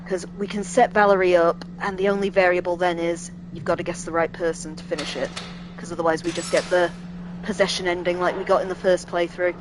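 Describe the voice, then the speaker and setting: A woman's voice: fairly low pitch, flat delivery, a little fast, background noise. Chatty woman playing a game. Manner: chatty, self-deprecating, thinking aloud. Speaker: let's play host. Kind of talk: casual gameplay commentary.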